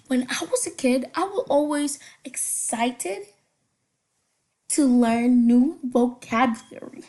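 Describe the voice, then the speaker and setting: A woman's voice: high voice, darkish tone. A young woman casually reading funny stories aloud, stumbling over words and breaking off with giggly asides. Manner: halting read-aloud with slips and giggly asides.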